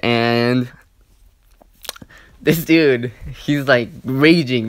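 In a dry recording, a young gaming channel host tells a casual story over gameplay, rambling and profane, with heavy use of "like" and "you know." His mid-range voice is clear and resonant, and he takes it slowly with long pauses.

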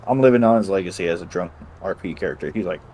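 A man's voice: deep voice, animated, very fast, mellow, slight background noise, low-quality recording. A man casually recounting a roleplay session, acting out both sides of the conversation and swearing freely. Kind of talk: casual chat.

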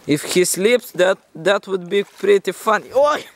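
A man's voice: high-pitched, measured pace. A man vlogging outdoors by a forest river, in a teasing, mock-dramatic way, talking to his viewers. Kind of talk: playful outdoor vlog commentary.

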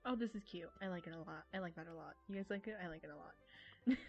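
An American woman chatting casually while live streaming a game, giggly, rambling and quick to poke fun at herself. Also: lowish voice, darkish tone. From United States. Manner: giggly, rambling, self-mocking. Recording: dull lo-fi stream audio with faint music.

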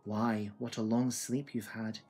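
A man reading aloud and voicing a fond, gentle older sister in a quiet voice. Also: on the low side, level tone, measured pace, husky, soft background music.

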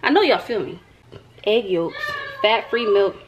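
A woman's voice: mid-range voice, big pitch swings, measured pace, dull audio, noisy background. A young woman from the American South, chatting playfully to the camera as a vlogger at home and talking to her viewers like friends. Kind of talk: casual chat to camera.

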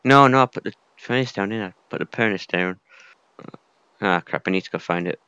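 A man's voice: on the low side, brisk, sharp tone, clear, resonant tone, no echo, highs cut off. A young man casually commenting while playing a survival game, muttering to himself with mild swearing. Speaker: gaming video creator. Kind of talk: casual let's-play commentary.

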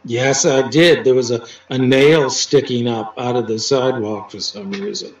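A man, a poet, telling stories as an interview guest in a halting way, with many restarts and dry teasing. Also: medium pitch, fairly even intonation. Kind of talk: casual storytelling interview. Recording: roomy, distant, dull sound with faint music.

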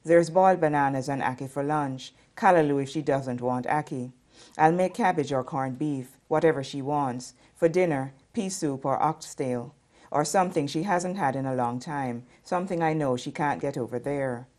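A woman novelist from the Caribbean, reading her fiction in a calm, even way and then commenting on it. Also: low voice, normal speed.

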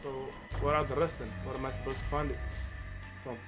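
A man giving casual gameplay commentary, excited and often stumbling and repeating words. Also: mid-range voice, a little fast, music in the background. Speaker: gamer.

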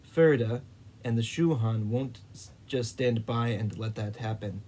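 A man reading the lines of a calm, measured male soldier in a storybook. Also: mid-range voice, husky, low-quality recording.

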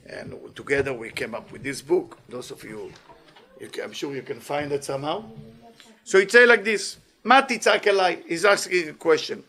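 Man, high voice, Kabbalah teacher, animated lecture, quizzes the class. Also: moderate pace. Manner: animated, questions the audience, broken English grammar.

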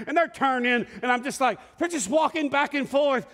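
A middle-aged man preaching a sermon, telling a story with lively shouts and laughter. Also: extremely high pitch, moderate pace, hardly any pauses. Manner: animated storyteller, acts out scenes with shouts and laughter. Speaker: pastor. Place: large church sanctuary. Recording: long hall reverb.

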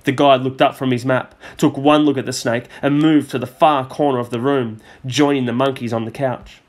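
A man teacher reading a storybook aloud to a class, measured and expressive. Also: mid-range voice.

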